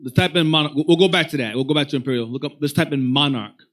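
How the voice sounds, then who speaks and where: Guy leading a class, high voice, lively, keeps jumping in and directing the reader. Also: very fast. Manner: animated, rambling, directs the reader. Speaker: religious class teacher. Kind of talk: casual teaching talk.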